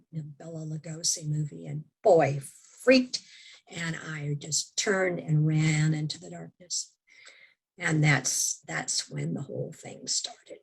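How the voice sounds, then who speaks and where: A woman guest on an interview podcast, telling a personal story in a lively conversational way, sometimes dropping to a hushed voice. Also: low-pitched, slightly rough. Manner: animated storyteller, drops to hushed tones. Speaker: memoir author and interview guest.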